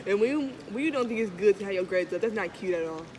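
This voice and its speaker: A woman's voice: mid-range voice, lively intonation, fast talker, darkish tone, a little hiss or hum. A teenage girl giving rambling advice in casual chat with friends. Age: teens.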